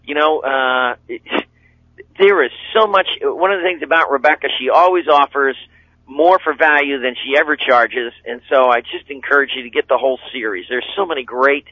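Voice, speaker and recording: A middle-aged man talks as a radio guest in a folksy, rambling way, full of fillers and little acted-out quotes. His voice sits at an ordinary middle pitch. The sound is dull and lo-fi, like an old radio broadcast. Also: normal speed. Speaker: seminar speaker and relationship coach. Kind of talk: guest talk on a radio show.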